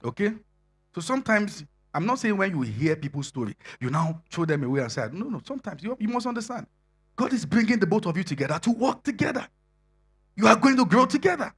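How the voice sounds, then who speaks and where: A middle-aged man preaching a sermon to singles in a conversational style, laughing often and building to loud emphasis. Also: sits high, slightly rough.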